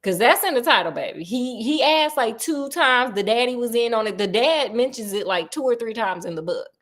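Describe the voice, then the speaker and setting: A woman's voice: fairly high pitch, expressive, a little fast, fairly bright tone. A woman retelling a story in a casual, chatty way, with digressions and laughing asides.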